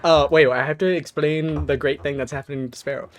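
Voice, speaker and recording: A man's voice: fairly high pitch, steady tone, brisk. A man running a tabletop game as game master. He laughs often and talks with many ums and likes.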